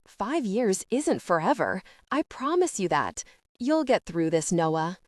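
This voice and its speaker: A woman reading an audiobook and voicing a gentle, motherly woman with a soft Southern drawl. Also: medium pitch, sing-song, unhurried, dry recording, studio quality. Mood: tender, reassuring.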